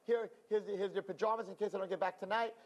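A man's voice: sits high, fairly even intonation. Young woman in a rush, urgent and panicked, put on by a male narrator. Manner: hurried, urgent.

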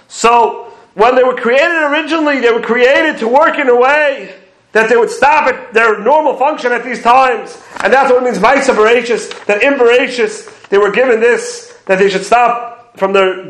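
A man's voice: very high voice, normal speed, fairly bright tone, roomy sound, rough recording. A man giving a lecture on prayer commentary, explaining sources step by step and quoting Hebrew phrases. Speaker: Torah teacher.

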